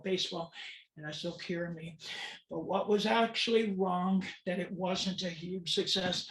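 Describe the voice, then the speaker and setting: A woman in her fifties from California, telling her life story as a guest speaker in an earnest, dramatic way and repeating phrases for emphasis. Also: mid-range voice. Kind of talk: personal storytelling talk. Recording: roomy sound from a distant mic.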